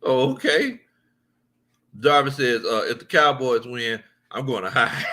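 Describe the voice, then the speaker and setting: A man's voice: mid-range voice, measured pace, bright, forceful tone. A man hosting a casual livestream sports chat, reading viewer comments, joking, laughing often and repeating his lines.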